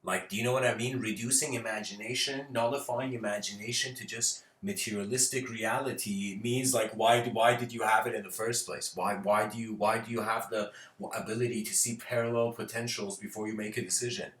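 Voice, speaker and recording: A man's voice: on the low side, fairly even intonation, a little fast, a bit bright, recorded from a distance. A man giving an informal spiritual lecture, rambling, laughing often and using lots of fillers. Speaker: speaker. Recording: roomy echo.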